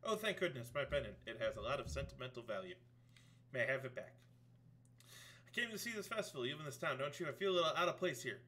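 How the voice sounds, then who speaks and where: A man reading aloud a polite young girl's lines in a video game, in a soft voice. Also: mid-range voice, sing-song, quick pace. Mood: relieved. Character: polite young princess-like girl, gentle.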